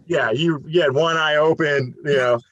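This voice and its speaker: A man's voice: fairly high pitch, moderate pace, muffled recording. A man in his thirties hosting a casual podcast chat, telling road stories with lots of fillers. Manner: storytelling, animated, many fillers. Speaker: podcast host.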